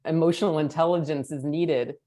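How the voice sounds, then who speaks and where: A woman's voice: sits low, fairly even intonation, fairly quick, warm tone. A woman hosting a podcast, speaking in a thoughtful, reflective way. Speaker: podcast host. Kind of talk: podcast conversation.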